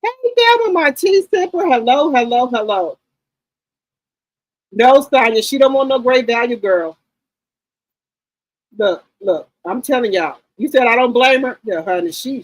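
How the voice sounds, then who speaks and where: A middle-aged woman hosting a livestream, telling stories in a casual, animated, slangy chat and often repeating herself. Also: fairly high pitch, moderate pace, poor audio. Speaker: livestream host.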